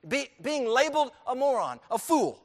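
A man's voice: extremely high pitch, very animated, moderate pace, big-room sound. A male pastor preaching an emphatic sermon, asking the congregation questions and letting them call out answers. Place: church sanctuary.

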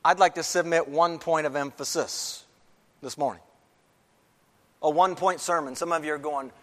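A pastor with a high, steady, slightly bright voice preaches briskly in a church sanctuary. He's emphatic, repeating key phrases for stress, and the recording has the long reverb of a large hall.

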